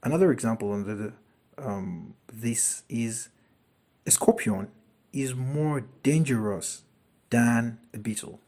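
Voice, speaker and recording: Slow husky teacher. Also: male voice, lowish voice, a little mellow. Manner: deliberate, repeats each example sentence twice. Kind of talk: classroom grammar lesson.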